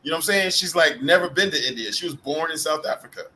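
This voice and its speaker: A man's voice: fairly high pitch, fast, pushed and bright, rough recording. A man hosting a live group video call, telling rambling, profane stories with bursts of laughter. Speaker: host of a live group chat. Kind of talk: casual storytelling chat.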